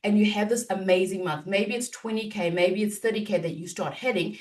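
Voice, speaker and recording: A woman business coach talking in a podcast interview, animated and acting out inner self-talk. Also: medium pitch, brisk, distant mic.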